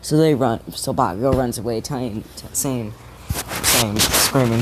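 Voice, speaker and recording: A man's voice: mid-range voice, moderate pace, very noisy. A man casually retelling a story, rambling with many restarts and casual swearing.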